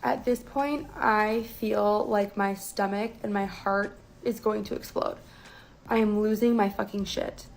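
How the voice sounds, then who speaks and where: A young woman telling a personal story as a guest in a casual, profane, animated way. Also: mid-range voice, a little slow, creaky, slight background noise, low-quality recording.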